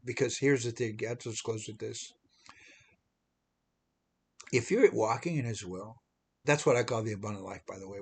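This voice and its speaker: A man's voice: mid-range voice, slightly rough. A man giving an informal devotional talk as an online preacher, chatting along and often repeating and restarting phrases.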